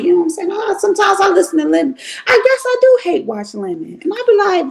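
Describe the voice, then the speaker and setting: A middle-aged woman from Cleveland giving blunt, profane, animated commentary on a livestream. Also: very high-pitched, fast talker, creaky. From Cleveland, Ohio.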